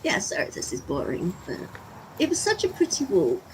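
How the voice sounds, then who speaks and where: A woman's voice: medium pitch, huge pitch swings, normal speed, a little mellow, low-quality recording. English woman, middle-aged, rambling friendly vlog chat while walking, camera mic, slight background hiss. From England. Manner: chatty and rambling, talks to viewers. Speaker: vlogger. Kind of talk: casual vlog commentary. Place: outdoors on a walk.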